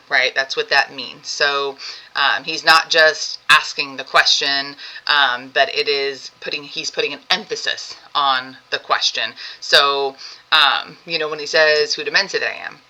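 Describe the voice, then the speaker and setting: Bright-voiced woman teaching a Bible lesson. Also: low voice, rough recording. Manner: conversational teaching, many "um"s and checking "right?"; seated while teaching. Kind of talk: Bible study lesson, reading scripture and explaining.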